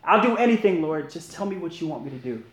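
A man's voice: on the high side, sing-song, fast. A man voicing a panicked man hanging from a cliff, pleading in a raised voice, in a roomy space.

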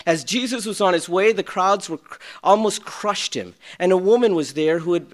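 A man preaching a sermon, swinging from shouted peaks to quiet storytelling. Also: high voice, moderate pace, few pauses. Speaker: pastor.

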